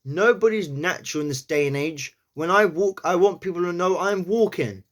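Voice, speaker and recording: A man's voice: high voice, moderate pace, a bit bright, pitched above the performer's own voice. A man voicing a brash male gangster in a put-on New York accent, stretching his vowels. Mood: swaggering. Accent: attempted New York.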